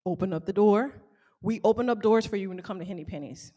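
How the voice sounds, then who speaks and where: A woman who owns a small bakery gives a motivational talk to a live audience, animated and calling out questions to the crowd. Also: medium pitch, fast talker. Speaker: small bakery owner speaking to fellow business owners.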